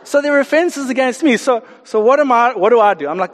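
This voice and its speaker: Animated preacher, high voice. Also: male voice, fast talker. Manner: animated, acts out quoted voices. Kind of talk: sermon. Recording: hall reverb.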